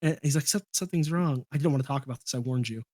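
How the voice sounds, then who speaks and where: A man's voice: mid-range voice, rapid-fire, mellow. A man in his thirties, a podcast guest, telling a rambling story with many restarts and chuckles. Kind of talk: casual storytelling chat.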